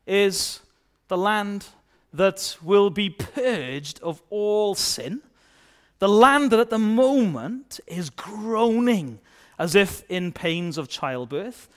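A man preaching a children's sermon, asking the kids questions and acting out playful voices. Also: high-pitched. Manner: lively, asks children questions and acts out silly kid voices.

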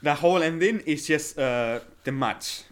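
Halting, enthusiastic podcast man. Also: on the high side, clear, resonant tone. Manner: halting, enthusiastic, many fillers and restarts. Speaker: podcast co-host. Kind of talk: casual film discussion.

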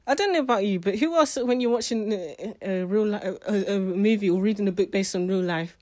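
A woman's voice: mid-range voice, brisk, darkish tone. A woman giving a casual spoken book review, chatty and emotional, often restarting her sentences.

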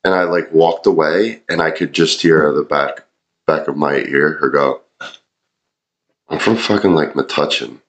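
Man, very low voice, podcast host, animated, swears often. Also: moderate pace. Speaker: podcast host, former sous chef. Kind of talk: casual storytelling.

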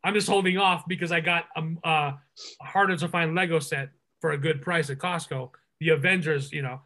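An enthusiastic man hosting a casual podcast. His voice sits high and sounds bright and forward. He rambles through his points with many fillers and restarts. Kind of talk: casual movie review chat.

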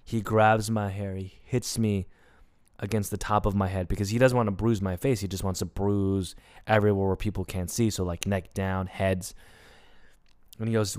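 A man's voice: lowish voice, fairly even intonation, moderate pace, clean tone, no echo, studio quality. A young man hosting a comedy podcast alone, telling a personal story in an emotional, rambling way with lots of fillers. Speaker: podcast host. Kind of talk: confessional solo storytelling.

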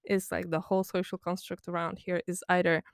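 A woman's voice: fairly low pitch, little pitch movement, a little fast, smooth, no echo, studio quality. A young woman from the Baltics, talking in a casual, blunt monologue full of swearing, sarcasm and laughter. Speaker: podcast host.

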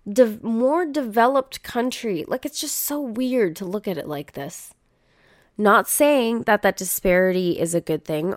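A woman's voice: medium pitch, dry recording, studio quality. A young woman hosting a casual podcast, reading news headlines aloud and riffing on them with blunt, profane commentary. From Canada. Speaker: podcast host.

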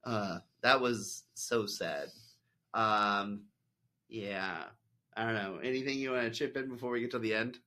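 Casual podcast host, man, bright and talky, meandering recaps. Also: on the low side, measured pace. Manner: rambling, full of "like" and quoted asides. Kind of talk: casual chat.

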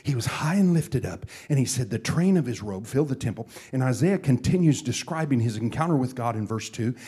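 A man's voice: medium pitch, expressive, fairly quick, breathy edge. Man preaching a fervent sermon. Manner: builds from quiet teaching to loud fervent preaching; repeats words for emphasis. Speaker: pastor.

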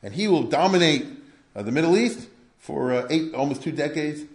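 A man's voice: a little high, lively intonation, normal speed. An older man giving an informal history lecture, conversational and full of rhetorical questions. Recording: echoey room.

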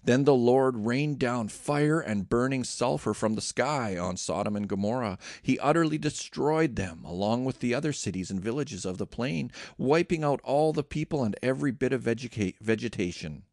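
Gravelly man reading scripture. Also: medium pitch, lively intonation, moderate pace, hardly any pauses, darkish tone, dry recording, studio quality. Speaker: scripture reader.

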